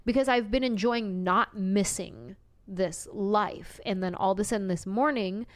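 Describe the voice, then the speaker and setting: Emotional, soft-spoken woman comedian. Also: mid-range voice. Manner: emotional, reflective, slows and drops to a near whisper; laughs easily. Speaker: guest comedian. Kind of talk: casual podcast chat.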